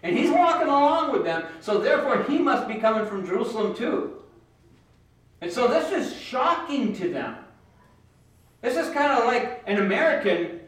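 A man's voice: very high-pitched, fairly bright tone. A man preaching a sermon in a casual, folksy storytelling manner, acting out what people say. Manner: conversational, folksy storytelling with acted-out quotes. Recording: very echoey room, speaker far from the mic.

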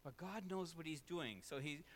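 A man preaching in a church sanctuary, his voice pitched high and bright with a tense edge. He presses his points by repeating key phrases and slips in wry asides about himself. The sound carries a long reverb from the large room. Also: normal speed. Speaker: pastor. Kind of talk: sermon.

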